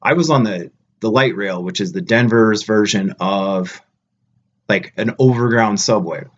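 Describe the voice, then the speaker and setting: A man's voice: fairly low pitch, unhurried, muffled recording. A man talking casually to camera as a travel vlogger, blunt and ranting with plenty of swearing. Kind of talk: casual vlog chat to camera.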